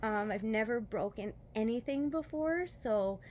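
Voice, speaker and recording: A woman's voice: on the high side, lively intonation, a little slow, a little mellow, a little hiss or hum. A woman with children telling her story of faith after foot surgery, earnest and chatty, with many fillers and short laughs, while in pain. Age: adult with children. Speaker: vlogger sharing a testimony. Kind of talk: casual personal testimony.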